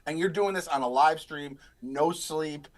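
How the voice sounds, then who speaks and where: A man's voice: a little high, a little slow. A man in his thirties, a podcast co-host, rambling through casual live stream chat and stories. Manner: rambling, animated storyteller.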